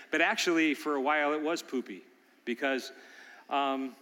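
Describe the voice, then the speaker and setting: An older man preaching from the pulpit, telling stories that swell into loud, animated bursts. His voice is bright and sits fairly high. The long reverb of a church hall trails behind his words. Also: measured pace. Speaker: pastor. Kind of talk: sermon. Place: church sanctuary.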